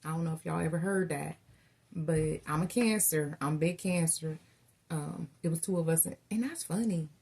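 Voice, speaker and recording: A woman's voice: low voice, normal speed, gravelly, a little mellow, breathy edge. A woman doing a casual tarot reading, telling stories in a chatty way and calling her viewers y'all. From Southern United States. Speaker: tarot reader.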